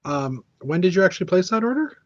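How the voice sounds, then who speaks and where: A man's voice: high voice, big pitch swings, fast talker, dry recording. Guy in a video chat, bouncy voice, short questions, kinda muffled audio. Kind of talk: casual chat.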